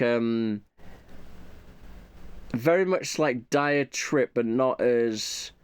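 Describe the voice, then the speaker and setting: A man's voice: medium pitch, clear, resonant tone. A man talking casually and off the cuff, rambling and thinking aloud, often muttering repeated asides to himself. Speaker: YouTuber reviewing his subscriptions.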